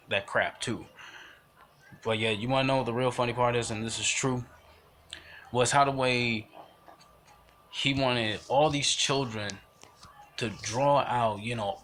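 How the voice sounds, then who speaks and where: A young man talks through his opinions in a loose, emphatic ramble, circling back and restarting his sentences. His tone is bright and forceful, and a faint hiss sits under the recording. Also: mid-range voice. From United States. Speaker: vlogger giving commentary. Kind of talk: casual spoken commentary.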